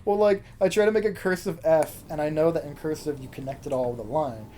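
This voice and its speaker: A woman's voice: low-pitched, quick pace, slight background noise. A woman telling a rambling, giggly story to a friend while they play a video game. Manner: giggly, rambling, animated retelling. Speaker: let's play co-host. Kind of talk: casual storytelling chat. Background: game music.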